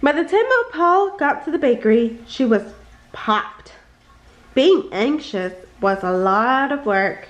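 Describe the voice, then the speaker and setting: Brief: woman, bedtime read-aloud, high and very animated, slightly roomy echo. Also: slow pace, highs cut off. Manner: expressive, jumps high for characters' lines. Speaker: storybook reader.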